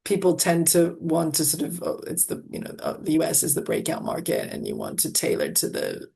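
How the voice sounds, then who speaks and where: A woman's voice: deep voice, huge pitch swings, brisk, gravelly, dark tone. A woman publisher answering interview questions thoughtfully, often restarting and hedging her sentences. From half American, not Australian. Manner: thoughtful, with frequent restarts and hedges. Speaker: audiobook publisher.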